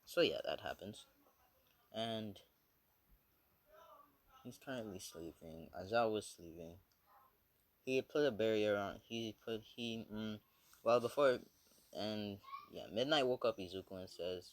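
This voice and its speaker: A man's voice: fairly low pitch, unhurried, long pauses. A man casually retelling a fan story, rambling with many fillers and swearing.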